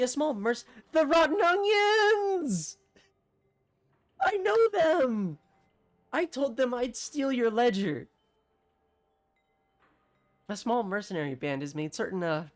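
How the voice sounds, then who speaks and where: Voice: medium pitch, natural voice. Olwen, a flustered village mayor, read aloud by a streamer. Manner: frantic, then falsely composed and over-polite. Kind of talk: reading game dialogue aloud.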